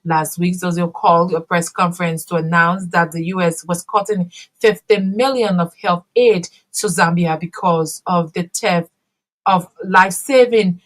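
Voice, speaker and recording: A woman presenting a radio news bulletin in a measured, formal reading manner. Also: lowish voice, steady tone, low-quality recording.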